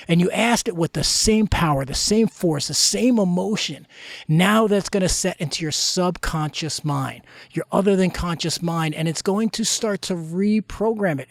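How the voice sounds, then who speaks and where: A man's voice: high-pitched, no echo, clean studio sound. A middle-aged man giving an emphatic motivational talk as a life coach, full of rhetorical questions.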